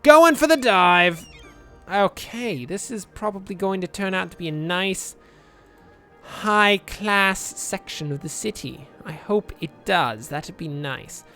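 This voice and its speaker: A man's voice: high-pitched, slow, vocal fry, pushed and bright, soft background music. A man giving casual, rambling commentary over a city-building game, joking dryly at his own expense. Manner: dry, rambling, self-mocking humor. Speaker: let's play commentator.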